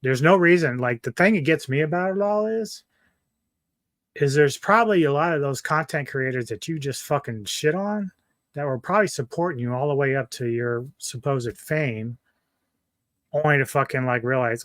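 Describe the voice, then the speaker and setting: A man's voice: medium pitch, moderate pace, fairly bright tone, no echo, studio quality. A man hosting a reaction video, ranting angrily and cursing often. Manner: profane, angry, ranting. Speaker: commentary YouTuber.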